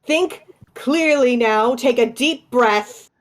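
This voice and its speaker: A stern male elf warlock delivers a slow, deliberate threat in a tabletop game, as a woman acts him out. The words come unhurried and heavy, close to an everyday voice. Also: a little high. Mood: threatening.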